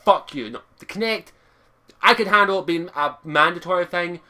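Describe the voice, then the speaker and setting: A Scottish man ranting angrily to camera from his bedroom, swearing constantly and bursting out loudly in exasperation. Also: sits high, moderate pace. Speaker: vlogger. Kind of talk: angry rant to camera. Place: his bedroom, sitting on his bed. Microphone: camera across the room.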